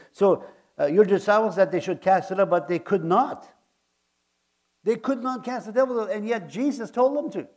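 Male preacher, slightly high voice, earnest, stumbles and repeats himself mid-sermon. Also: darkish tone. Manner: earnest, halting, often repeats words.

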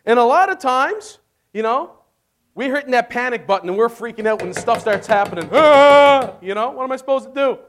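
A man delivers a sermon in a notably high voice. He tells the story in an animated, casual way, acting out the characters and laughing along the way. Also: fairly quick, slight background noise. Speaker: pastor.

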